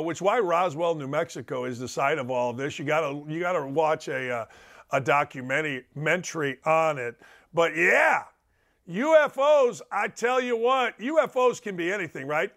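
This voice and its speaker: A brash sports radio host in a wisecracking monologue, jumping from one riff to the next. His voice sits high for a man and carries a gravelly, rough edge. He delivers each joke with cocky swagger. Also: a bit bright. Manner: brash, wisecracking, rapid riffing.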